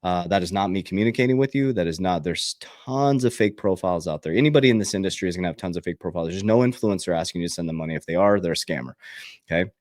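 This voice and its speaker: A man's voice: deep voice, rapid-fire, darkish tone, no echo, clean studio sound. A man giving a motivational talk as a financial coach, emphatic and preachy, repeating his points for stress.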